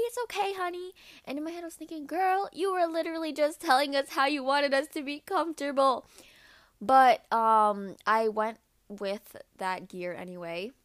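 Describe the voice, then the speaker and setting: A woman's voice: mid-range voice, fairly bright tone, no room sound, studio quality. A young woman hosting a podcast, telling a story casually with lots of fillers and acted-out quotes. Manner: chatty, lots of "like" and "um", acts out quotes. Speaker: podcast host.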